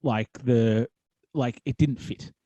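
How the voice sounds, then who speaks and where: An Australian wrestling commentator and promoter, a guest on a loose podcast, rambles through stories with frequent ums, likes and restarts. His voice is mellow, darker and mid-range, steady and slow, and the recording sounds dry, close and muffled with no room around it.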